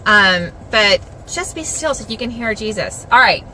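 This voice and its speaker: A woman from South Georgia with a Southern American accent, giving a casual devotional talk to viewers in an earnest, animated way and repeating phrases for emphasis. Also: mid-range voice, moderate pace, background noise. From South Georgia, USA. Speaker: Christian blogger giving a devotional.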